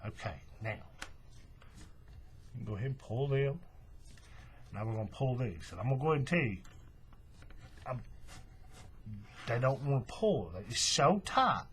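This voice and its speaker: A man walks through a hands-on craft demonstration in a relaxed, folksy way, narrating each step as his hands work. His pitch rises and falls a lot as he explains. A faint hum sits under the recording. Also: normal speed, pauses often. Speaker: craft tutorial host.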